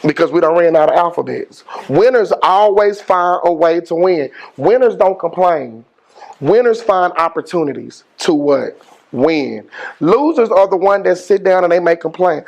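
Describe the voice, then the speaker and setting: A middle-aged man, a school principal giving an energetic motivational speech with call-and-response and slangy phrasing. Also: high-pitched, measured pace, gravelly, husky. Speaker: high school principal, guest speaker.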